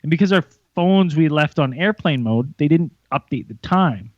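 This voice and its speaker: A young man co-hosting a podcast, telling a story in a lively, profane way and acting out the voices of others. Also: a little high, normal speed, no room sound. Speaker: podcast co-host. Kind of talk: casual storytelling chat. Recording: muffled lo-fi sound.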